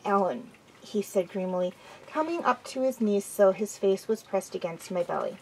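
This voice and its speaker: A woman reading narration for an amateur audiobook in a plain, steady way. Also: medium pitch, normal speed, slight background noise, low-quality recording. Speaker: audiobook reader.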